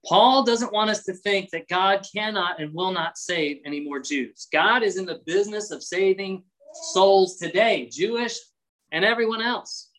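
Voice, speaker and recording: A man's voice: high voice, unhurried, a bit bright, low-quality recording. Guy preaching a bible sermon, chatty, reads verses then explains, does little voices sometimes. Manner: conversational preaching with acted-out voices. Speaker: pastor. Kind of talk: expository sermon.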